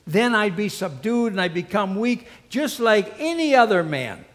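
Samson, a cocky and self-assured strongman, as a preacher puts him on, brags in a lively, offhand voice. Long reverb trails behind him in a large hall. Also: high voice, normal speed.

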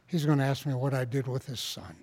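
A man preaching a sermon in a folksy, conversational way that rises into fervent, loud passages. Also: medium pitch, fairly quick, long reverb tail.

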